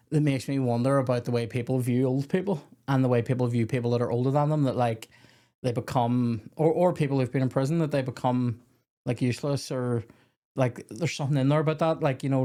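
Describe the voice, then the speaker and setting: A man in his young adult years talks through a film on a casual podcast. He rambles, swears freely and keeps breaking off mid-sentence to start again, at an ordinary middle pitch. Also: warm tone. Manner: rambling, swearing, self-interrupting. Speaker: podcast host. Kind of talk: casual film review chat.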